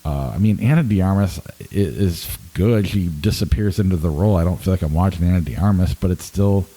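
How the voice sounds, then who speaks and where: Brief: forties male critic, very low pitch, very dark mellow tone, halting delivery. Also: husky, poor audio. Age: 40s. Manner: hesitant, halting, full of restarts. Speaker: podcast co-host and film critic. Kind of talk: casual podcast review.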